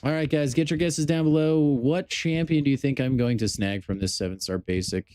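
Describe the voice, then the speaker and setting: A man's voice: medium pitch, a little fast, darkish tone, no echo, clean studio sound. A man chatting casually on a gaming live stream, joking and talking straight to his chat. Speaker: game streamer.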